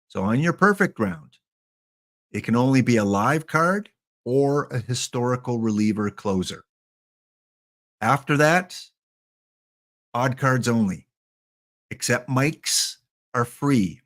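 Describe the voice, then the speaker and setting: A man's voice: mid-range voice, fairly bright tone. Sex: man. Role: chatty game streamer. Style: casual live-stream talk. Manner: chatty, joking, addressing chat by name.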